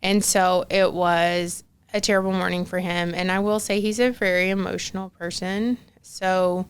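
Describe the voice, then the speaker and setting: A woman's voice: lowish voice, flat delivery, normal speed, clear, resonant tone. A young woman guest on a podcast telling a personal story in a casual, chatty way, full of fillers and acted-out quotes. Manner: chatty, many fillers like "like", acts out quoted dialogue.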